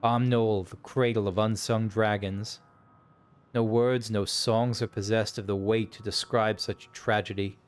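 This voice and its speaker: A man voicing weary, proud ghost dragons from a video game, reciting their archaic lines slowly and solemnly. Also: fairly low pitch, flat delivery, clear, resonant tone, natural voice. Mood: stoic.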